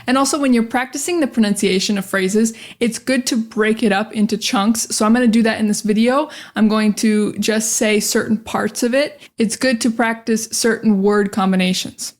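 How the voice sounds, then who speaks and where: Woman, American accent, young adult, pronunciation teacher, upbeat, emphatic, slightly high voice. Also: moderate pace, hardly any pauses. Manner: upbeat, emphatic, repeats drill words. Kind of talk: pronunciation lesson to camera.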